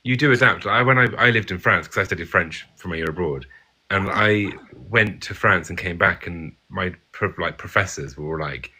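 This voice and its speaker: A man's voice: low voice, fairly quick, bright, forceful tone. A British man chatting as a guest over a video call, self-deprecating and full of restarts. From Britain. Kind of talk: casual group chat on a live stream.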